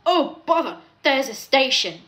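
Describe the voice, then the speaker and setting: A woman's voice: high voice, sing-song, unhurried, sharp tone, exaggerated voice. A woman voicing a proud, cross little male tank engine who huffs and puffs. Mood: panting. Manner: cross, huffing and puffing.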